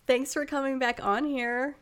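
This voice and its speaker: A woman's voice: sits high, fairly bright tone, clean tone. A woman hosting a casual podcast, playful and laughing often as she reads out credits. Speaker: podcast host.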